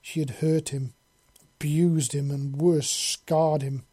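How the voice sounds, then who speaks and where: Audio story narrator, flat delivery, husky, mellow tone, dry close recording. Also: mid-range voice, slow. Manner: flat, steady delivery with coarse words.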